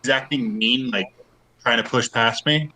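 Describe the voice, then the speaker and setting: Man, player, bright tense voice, hesitant. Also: mid-range voice, moderate pace, low-quality recording. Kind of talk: casual game chat.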